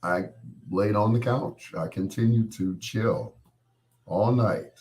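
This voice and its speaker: A man's voice: fairly low pitch, slow pace, darkish tone. A middle-aged man, still getting his voice back after being sick, chats casually and jokingly with viewers on his live stream as host. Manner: rambling, joking, talks straight to viewers. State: recovering from losing his voice.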